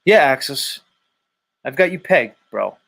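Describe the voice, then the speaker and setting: A man's voice: medium pitch, expressive, unhurried, gravelly, a bit bright. A man in his forties hosting a live stream, loosely bantering with viewers, greeting them by name and swearing now and then. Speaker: livestream host. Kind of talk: casual chat reading viewer comments.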